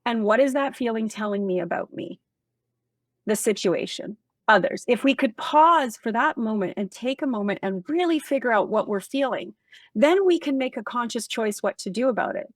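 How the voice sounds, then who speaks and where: A woman speaking as a guest expert in a casual interview, animated and emphatic, acting out bits of office dialogue. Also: on the high side, normal speed, no echo, clean studio sound.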